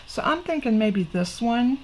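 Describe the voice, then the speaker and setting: A woman's voice: fairly high pitch, animated, measured pace, a little mellow, slight background noise, poor audio. A middle-aged woman, hosting a casual craft tutorial in a chatty, folksy way and talking straight to her viewers. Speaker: crafting channel host.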